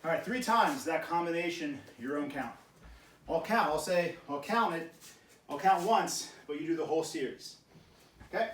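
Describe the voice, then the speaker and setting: A man leads a karate workout, giving brisk tips and short barked commands. His voice sits a little high and carries through a roomy hall. He is picked up from a distance with faint background noise. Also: lively intonation, fairly bright tone. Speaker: karate instructor. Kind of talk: coaching a workout class. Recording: echoey room, mic far off.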